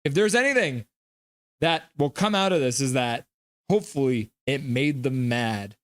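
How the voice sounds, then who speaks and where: A man's voice: mid-range voice, animated, normal speed, a bit bright, no echo. A man hosting a casual live stream, reading viewer comments aloud and riffing on them in a loose, chatty way. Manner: chatty, loose, many fillers. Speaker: livestream host.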